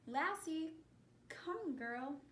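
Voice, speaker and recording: A woman playing a male therapy client who speaks in halting, effortful bursts and stumbles on the first sounds of words. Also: sits high, lively intonation, slight background noise, full character voice. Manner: halting, repeats word starts, slow and effortful.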